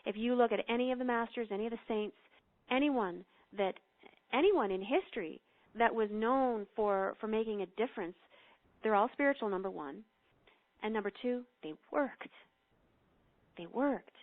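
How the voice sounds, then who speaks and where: A woman with a fairly high voice speaks over a thin, phone-like line. She tells a story and guides a meditation in an earnest, gently instructive way. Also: normal speed. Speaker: guest.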